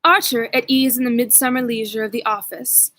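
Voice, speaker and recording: A woman reading a novel aloud at home in a measured, even narration. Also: fairly high pitch, no echo, poor audio. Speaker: audiobook reader.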